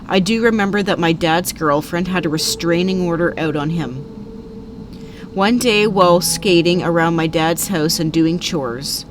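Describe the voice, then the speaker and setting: A woman with a fairly low voice reads true scary stories aloud in a calm, steady narration. A faint noise sits under the recording. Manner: calm storytelling.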